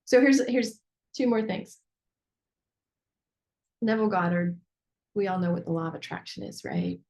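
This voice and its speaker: Woman mentor coaching a client; lively, chatty, digressive delivery with lots of fillers. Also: on the low side, moderate pace, vocal fry. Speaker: business mentor. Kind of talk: coaching session teaching.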